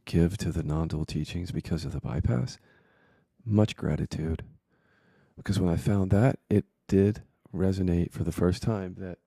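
Gravelly low-voiced man teacher. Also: dark tone, dry recording, studio quality. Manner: candid and profane, reflective. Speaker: spiritual teacher. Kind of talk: personal storytelling monologue.

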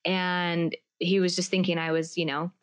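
A woman in her thirties co-hosting a podcast, telling stories in lively casual chat and laughing often. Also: fairly low pitch, normal speed, clean tone. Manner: animated storytelling, laughs often. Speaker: podcast co-host.

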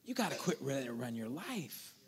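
A man's voice: mid-range voice, sing-song, a little fast, husky. A man preaching a sermon as pastor, conversational and playful, calling out to the congregation.

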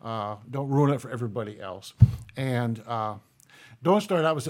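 A man's voice: medium pitch, expressive, moderate pace. A man co-hosting a podcast, telling jokes in a folksy, easygoing way and chuckling between them. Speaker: podcast co-host. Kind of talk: casual joke telling.

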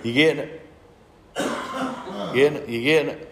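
A man's voice: medium pitch, steady tone, moderate pace, reverberant, crowd noise. A man preaching a sermon, repeating phrases and asking the congregation questions.

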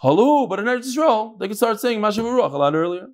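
High-voiced guy teaching gemara, really lively, fires off questions, aramaic and hebrew terms all through the english. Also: quick pace. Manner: animated, leaps between loud questions and low asides. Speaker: Talmud teacher. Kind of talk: daily Talmud class.

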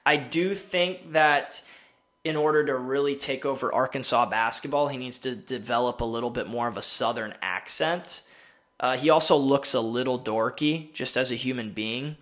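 A man's voice: medium pitch, moderate pace, a bit bright. A man hosting a sports podcast, talking in a rambling, opinionated way and often cutting himself off mid-thought. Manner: rambling, opinionated, self-interrupting. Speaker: podcast host. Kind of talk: casual sports commentary. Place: home in winter city.

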